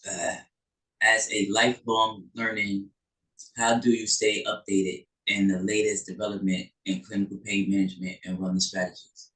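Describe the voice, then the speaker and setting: A man hosting a podcast interview, speaking haltingly with many "um"s and restarts. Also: on the low side, sharp tone. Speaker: podcast host. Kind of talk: casual interview talk. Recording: roomy, distant mic.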